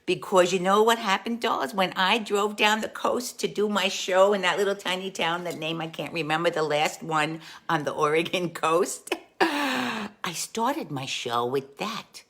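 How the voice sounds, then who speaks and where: A woman playing a warm, gossipy aunt who hosts a live stream, chatting to viewers and calling them dolls. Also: on the low side, measured pace. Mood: chatty storytelling. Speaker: comic host. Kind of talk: live-stream storytelling in character.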